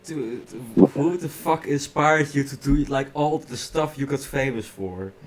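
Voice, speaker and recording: A man's voice: mid-range voice, measured pace. A man running a mock interview, blunt and crude, often stumbling over his questions. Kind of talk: mock interview, casual comedy. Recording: noisy recording.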